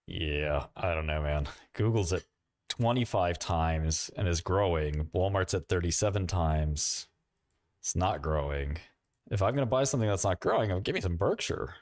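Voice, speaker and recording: A middle-aged man with a New York accent hosting a livestream, rambling with quick asides and mocking questions. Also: low-pitched, lively intonation, no echo, clean studio sound. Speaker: livestream host. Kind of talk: casual livestream chat.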